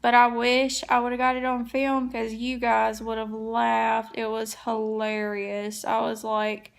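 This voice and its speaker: A woman tells a story to her viewers at an unhurried pace. Her voice is gravelly with plenty of vocal fry and pitched a little high. She keeps it chatty and casual, like a home cleaning vlog. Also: flat delivery. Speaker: vlogger.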